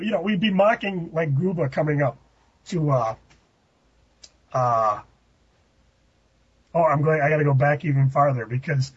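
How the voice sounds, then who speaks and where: A man's voice: fairly high pitch, breathy edge. A man hosting a podcast, telling rambling anecdotes in a casual chat with laughing outbursts. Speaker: podcast host. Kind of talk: casual storytelling. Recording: muffled dry lo-fi recording.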